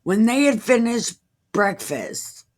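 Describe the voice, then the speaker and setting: Brief: a woman doing an irreverent comedic scripture reading, slow and deliberate, sarcastic. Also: a little high, very animated. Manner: sarcastic asides, incredulous. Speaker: comedic Bible reader.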